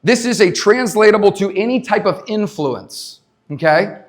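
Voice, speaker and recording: A man giving an energetic motivational talk to a live audience at a leadership summit, repeating his points and asking the crowd questions. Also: sits high, normal speed. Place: conference stage before a live audience.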